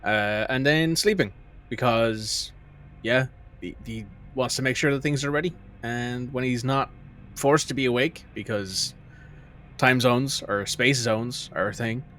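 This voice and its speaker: A man with a bright, forceful tone, taking part in an online tabletop game. He drops plenty of fillers and slips easily into teasing, playful back-and-forth. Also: mid-range voice, unhurried, slight background noise. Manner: filler-heavy, teasing banter. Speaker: player. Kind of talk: casual game chat.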